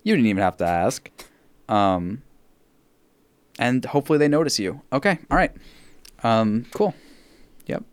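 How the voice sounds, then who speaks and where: Podcast host, male, lively pitch, profane laughing rants, dry sound. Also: measured pace, pauses often, no echo. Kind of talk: casual chat.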